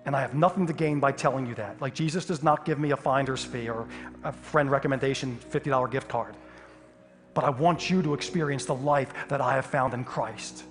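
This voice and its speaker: Male pastor, lively comic storytelling sermon, reverberant hall, faint music behind. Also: mid-range voice, fairly quick. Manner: animated, humorous storytelling with sudden loud outbursts.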